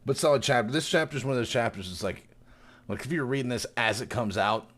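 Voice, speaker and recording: A man's voice: mid-range voice, fast, fairly bright tone. A man chatting casually on a podcast, retelling a story with lots of animation. His voice sits in a middle range, and he throws himself into each bit he describes, often breaking into laughter. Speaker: podcast co-host, new reader.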